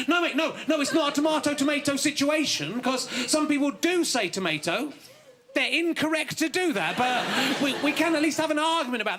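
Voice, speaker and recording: High-voiced ranting comedian. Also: male voice, lively intonation, fast, bright, forceful tone, slight background noise. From England. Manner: bitter, ranting, mock-indignant. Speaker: stand-up comedian. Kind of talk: stand-up comedy routine. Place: TV studio stage with audience.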